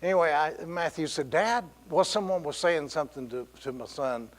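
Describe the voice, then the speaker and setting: A man's voice: fairly high pitch, a little fast. A middle-aged man preaching a sermon in a church, telling stories with laughs and quoted voices. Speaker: pastor. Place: church sanctuary.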